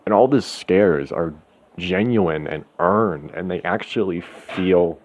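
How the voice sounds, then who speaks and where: A man's voice: low-pitched, slow pace, darkish tone. A man talking in a rambling, profane, ranting monologue as host of his own channel. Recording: slightly dull lo-fi, faint background noise.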